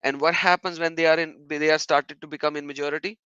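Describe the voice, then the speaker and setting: A man's voice: fairly high pitch, flat delivery, quick pace, sharp tone, clean tone, dry recording, dull audio. A man giving a monologue commentary as a YouTuber, talking emphatically, repeating himself and asking rhetorical questions.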